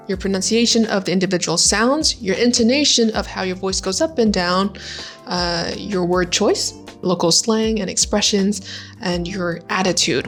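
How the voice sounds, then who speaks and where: A young adult woman hosting a casual teaching vlog, bright and positive, demonstrating sounds slowly. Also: medium pitch. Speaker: language-learning YouTuber.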